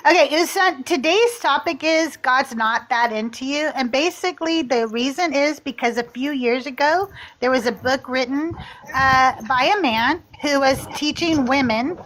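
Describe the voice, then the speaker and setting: A woman hosting a live online debate, talking bluntly and with profanity, telling stories in lively bursts. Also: high voice, moderate pace. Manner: blunt, profane, animated storytelling. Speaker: podcast host. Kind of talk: casual debate chat on a live stream.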